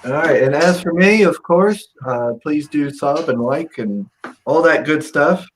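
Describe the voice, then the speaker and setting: A man's voice: a little high, lively intonation, a little slow, slight background noise, poor audio. A man hosting a casual livestream, chatting in a laid-back way and thanking viewers. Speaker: stream host.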